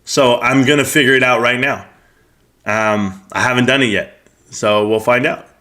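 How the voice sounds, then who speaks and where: A man's voice: medium pitch, fairly even intonation, moderate pace, bright, forceful tone. A middle-aged man hosting a live stream, chatting casually with brash, joking, profane banter as he answers his chat. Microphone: streaming microphone.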